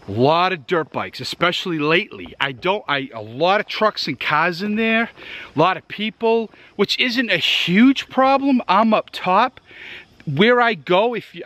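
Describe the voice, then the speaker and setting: A man's voice: on the high side, pushed and bright, no echo. Massachusetts guy hiking thru the woods, kinda breathless, voice jumps all over, just rambling at the camera. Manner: rambling, chatty, addresses viewers directly. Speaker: outdoor gear vlogger. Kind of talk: casual rambling tour while hiking. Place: outdoors in the woods.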